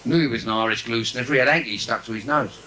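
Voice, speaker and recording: A man doing bawdy stand-up in a live cabaret, brash and cheeky, now and then breaking into shouted asides. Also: medium pitch, quick pace. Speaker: stand-up comedian. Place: live theatre stage with audience. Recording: noisy live 1980s theatre recording.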